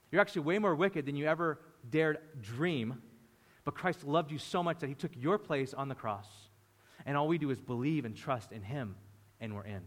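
A man preaching a sermon as a pastor, telling the story with lively energy and playing the disciples' voices. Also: fairly high pitch. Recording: long hall reverb.

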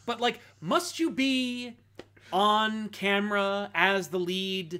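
A man co-hosting a casual podcast chat, animated and ranting, dropping into quick mock voices. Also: high voice, clear, resonant tone. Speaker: podcast co-host.

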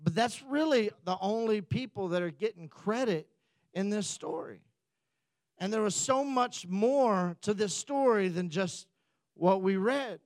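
A pastor delivering a sermon, a man who tells the story with easy jokes and asides. His voice sits high for a man. The sound is dry, with little room around it. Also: animated, measured pace, dry recording. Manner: joking, conversational storytelling.

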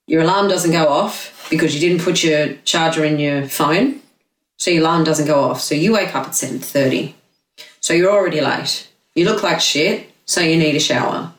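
A woman guest spinning an animated, everyday story as she explains dog behaviour, swearing casually. She sounds set back from the mic. The room around her is noticeably echoey. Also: deep voice, distant mic. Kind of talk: casual chat.

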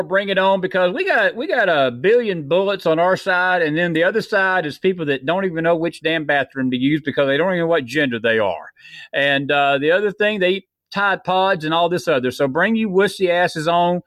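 A man's voice: high voice, fairly bright tone, dry recording. A man co-hosting a heated political talk show, fiery and preachy as he rallies listeners. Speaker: co-host.

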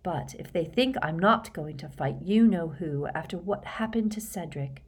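A woman's voice: lowish voice, lively intonation, moderate pace, slightly rough. A woman voicing a nervous, flustered teenage girl who stumbles and apologizes in a storybook reading. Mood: confiding.

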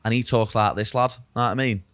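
A man's voice: medium pitch, fairly even intonation, fast talker, a bit bright, no echo. A man with a Scouse accent, a guest chatting casually, blunt and sweary, often adding 'lad' and 'know what I mean'. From England. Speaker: podcast guest. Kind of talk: casual chat.

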